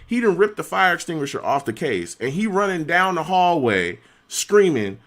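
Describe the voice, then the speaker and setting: A man streaming, telling a story in an animated, slangy way and laughing often. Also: a little high, moderate pace. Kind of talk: casual storytelling.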